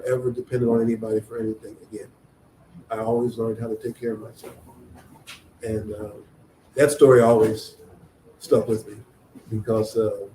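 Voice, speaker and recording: A man's voice: mid-range voice, dark tone. A man, an author at a book event, telling a story and acting out the dialogue of the people in it. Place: event venue. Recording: echoey room, faint noise.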